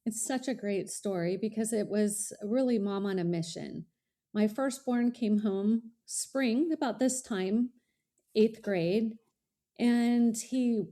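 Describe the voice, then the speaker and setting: A middle-aged woman, a college strategist guest, telling a lively story in a podcast interview and acting out the dialogue. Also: on the high side. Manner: animated, acts out dialogue in quoted voices.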